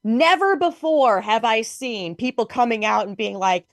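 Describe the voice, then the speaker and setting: A woman from Chicago, a guest commentator in an interview, talking in a chatty, animated way with many fillers. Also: fairly high pitch, normal speed, few pauses, no room sound, studio quality. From Chicago, United States. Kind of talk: interview conversation.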